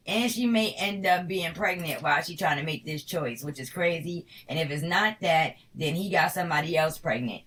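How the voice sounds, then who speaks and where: A woman's voice: fairly low pitch, moderate pace, fairly bright tone, far from the mic, poor audio. A woman from Harlem with a New York accent, giving a casual tarot reading in a blunt, slangy, profane way. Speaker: tarot reader.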